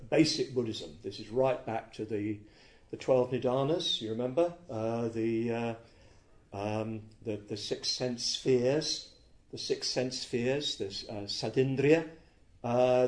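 A man giving a reflective dharma talk as a Buddhist teacher, halting and searching for words, often correcting himself. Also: medium pitch, darkish tone.

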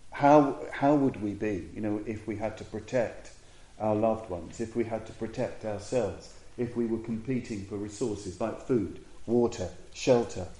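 Guy giving a dharma talk, mellow and kinda low, lots of pauses, roomy echo. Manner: reflective storytelling with frequent pauses and restarts. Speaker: Buddhist teacher.

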